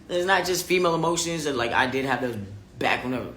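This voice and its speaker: A man's voice: fairly high pitch, fast, echoey room, music in the background. A man livestreaming casual chat to his viewers and reading their comments, candid, profane and emphatic. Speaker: vlogger talking live to viewers.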